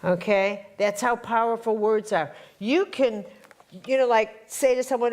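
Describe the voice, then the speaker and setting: A woman's voice: on the high side, unhurried, a little mellow. Blunt, emphatic woman teaching a workshop. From Chicago area. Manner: emphatic, repeats lines for punch, blunt and streetwise. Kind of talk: live spiritual workshop talk. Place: workshop hall with an audience.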